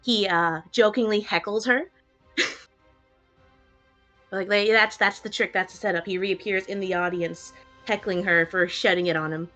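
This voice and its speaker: A woman's voice: mid-range voice, normal speed, pauses often, bright, forceful tone, faint music behind. A woman playing in a tabletop game, talking casually and hesitantly and swearing freely. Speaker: player.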